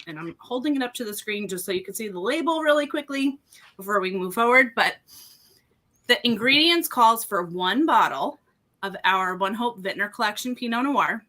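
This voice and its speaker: A woman's voice: mid-range voice, sharp tone. A woman presenting on a casual live podcast over a video call, chatty and upbeat with lots of ums, sounding a little out of breath. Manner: chatty, upbeat, many ums and you-knows. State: slightly out of breath. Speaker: wine seller and fundraiser co-host.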